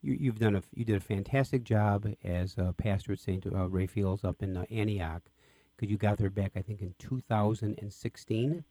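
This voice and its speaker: A man with a lowish, mellow voice hosts an interview, recorded dry and close. He prompts his guest eagerly, asking questions and reacting with enthusiasm. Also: normal speed, no echo. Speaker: radio interview host. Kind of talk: interview conversation.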